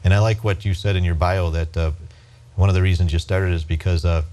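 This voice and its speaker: A man hosting a talk show, interviewing a guest with rapid, friendly patter. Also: low-pitched, fairly even intonation, mellow.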